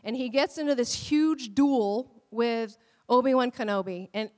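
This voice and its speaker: A middle-aged woman pastor giving a sermon in an animated way, laughing often and acting out quotes in a high voice. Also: measured pace. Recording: long hall reverb.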